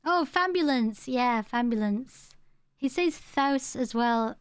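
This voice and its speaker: A woman's voice: high voice, lively intonation, takes it slowly, clean tone, no echo, clean studio sound. A young woman, chatting casually with her stream chat, rambling and laughing as she goes. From England.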